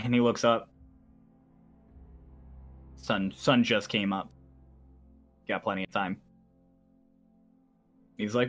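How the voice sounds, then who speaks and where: A man's voice: on the low side, fairly even intonation, slow, long pauses, soft background music. Casual game-master man. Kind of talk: narrating a tabletop game.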